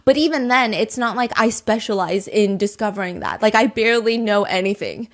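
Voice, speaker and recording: A woman's voice: mid-range voice, sing-song, brisk. A woman hosting a true crime podcast, chatting casually and animatedly, piling up speculative rhetorical questions. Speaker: podcast host.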